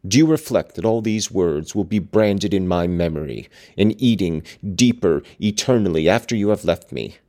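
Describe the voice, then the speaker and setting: A man's voice: low-pitched, lively intonation, normal speed, few pauses, dark tone. A man reading as Heathcliff, savage and anguished.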